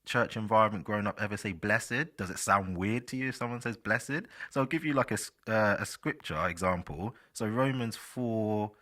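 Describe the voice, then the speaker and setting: A man's voice: fairly low pitch, moderate pace, hardly any pauses, bright, forceful tone. A man hosting a solo podcast, chatting casually and rambling with fillers, speaking directly to his listeners. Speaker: podcast host.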